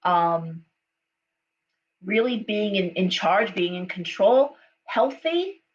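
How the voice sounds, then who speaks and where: In a dull lo-fi recording with a faint hum, a middle-aged woman reads tarot live. Her medium-pitched voice is animated yet slow, and she chats and tells stories with plenty of okays and ums.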